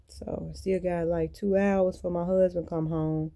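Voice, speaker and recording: A woman's voice: lowish voice, level tone, unhurried, few pauses, warm tone. A woman vlogger rambling candidly to her viewers in a blunt, colloquial way. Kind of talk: casual monologue to viewers.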